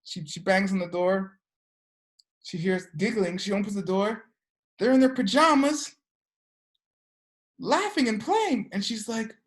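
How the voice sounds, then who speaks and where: A woman with a mid-range voice teaches an energy work class, telling a story at a measured pace broken by long pauses. She keeps checking in with her students, frequently asking "okay?"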